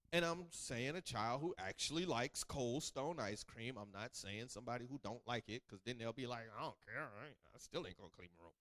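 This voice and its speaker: A man teaching scripture in a lively sermon style. His pitch swings widely and sits a bit high for a man. He keeps asking the listeners questions and acts out the voices in the text. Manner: animated, call-and-response questions, acts out quotes. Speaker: bible teacher.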